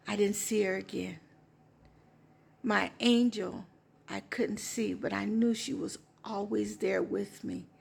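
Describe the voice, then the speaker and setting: A woman's voice: on the high side, creaky. A woman in her sixties telling a personal testimony in an emotional, heartfelt way. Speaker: storyteller giving a testimony.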